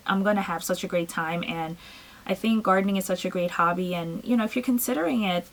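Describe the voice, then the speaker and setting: A woman from Trinidad, a gardening vlogger, chatting casually and excitedly through a show-and-tell with frequent ums. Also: on the low side, poor audio.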